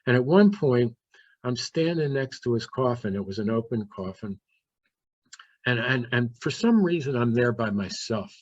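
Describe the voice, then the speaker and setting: Male guest, mid-pitched, earnest storyteller voicing his inner monologue; dull lo-fi sound. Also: expressive, moderate pace, no echo. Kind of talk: personal storytelling. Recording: dull, dry lo-fi recording.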